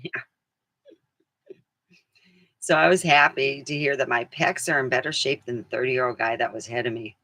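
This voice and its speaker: Middle-aged woman vlogger, chatty and rambling, laughs a lot, bright voice on a dry recording. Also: rumbling low, fairly even intonation, normal speed, long pauses, dry recording. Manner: chatty, laughs often, acts out quotes. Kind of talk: casual rambling chat.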